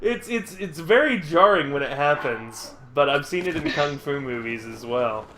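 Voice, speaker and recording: A man from the United States chatting casually while streaming a game, laughing often and swinging between loud bursts and quiet asides. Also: a little high, lively intonation, normal speed, slight background noise. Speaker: streamer host. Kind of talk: casual chat while gaming. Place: indoors at home.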